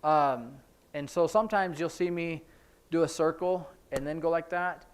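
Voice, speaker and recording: A man leads a relaxed sign language lesson, chatting his way through each sign. His speaking voice sits a little higher than most men's. He talks informally and often pauses on fillers as he demonstrates. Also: a little hiss or hum. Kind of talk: casual classroom teaching. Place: church classroom.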